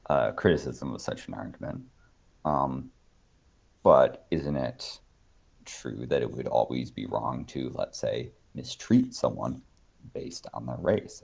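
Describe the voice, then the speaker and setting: Man guest, deep husky voice, probing questioner. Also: a little mellow. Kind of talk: casual philosophical chat.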